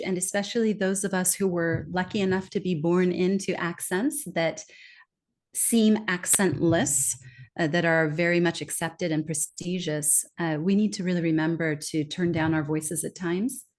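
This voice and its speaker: A middle-aged woman speaking as a guest in a podcast interview, explaining at length and lively, acting out quoted remarks. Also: lowish voice, moderate pace.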